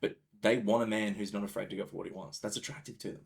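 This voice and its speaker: A man's voice: lowish voice, steady tone, fast talker, vocal fry. Frank, emphatic male dating coach. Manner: frank and emphatic, swears casually. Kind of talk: casual coaching talk.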